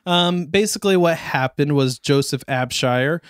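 A man co-hosting a comedy podcast, telling a story in a relaxed, chatty way. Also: fairly high pitch, normal speed, clean tone, no room sound, clean studio sound. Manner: relaxed storyteller with fillers and laughs. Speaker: podcast co-host. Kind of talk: casual chat, storytelling.

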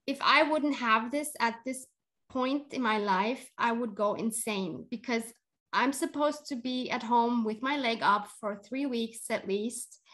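A woman's voice: on the high side, a bit bright. Earnest, emotional woman podcast host. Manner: earnest, emotional, many restarts. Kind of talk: heartfelt casual chat.

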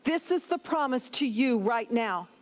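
Woman pastor, high voice, emphatic sermon delivery with scripture reading. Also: animated, unhurried. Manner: emphatic preaching, reads scripture aloud.

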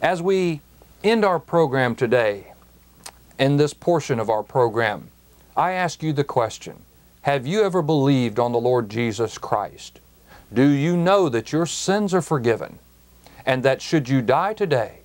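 Man teaching a bible verse real slow, earnest and emphatic, voice jumps up on key words. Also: medium pitch, expressive, a little mellow.

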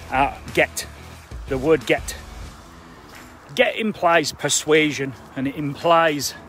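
A man's voice: a little high, fairly bright tone. A man giving a blunt, emphatic live-stream coaching talk to property investors, chatty and full of fillers. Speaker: construction trainer for property investors.

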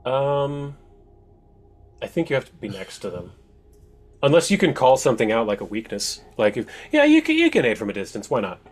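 A man's voice: medium pitch, big pitch swings. Man game master reacting to rolls. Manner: explains rules, quick reactive exclamations. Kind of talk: running an online tabletop game.

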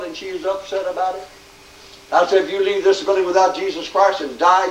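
A man preaching a revival tent sermon, fervent and swinging from near-shouting to hushed tones. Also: sits high, a little hiss or hum. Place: large tent meeting. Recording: echoey, distant, faint ambience.

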